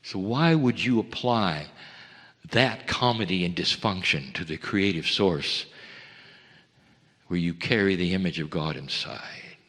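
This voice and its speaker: A man giving a slow, earnest channeled spiritual talk, pausing between phrases, recorded in a lecture hall. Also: low-pitched, fairly bright tone.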